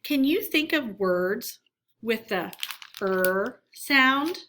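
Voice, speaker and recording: A woman teacher talking to young children in a recorded phonics lesson. She speaks very slowly and deliberately, pausing on each word so kids can repeat it. Her voice is bright and clear, set a little high. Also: lively intonation, a little hiss or hum.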